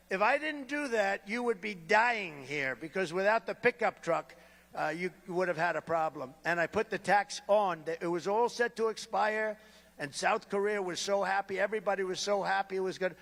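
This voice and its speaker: High-voiced man giving a rambling rally speech. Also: creaky, fairly bright tone. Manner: rambling, boastful, with sarcastic asides and repeated phrases. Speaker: political speaker at a rally. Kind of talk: campaign rally speech, riffing off-script. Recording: long reverb of a large venue.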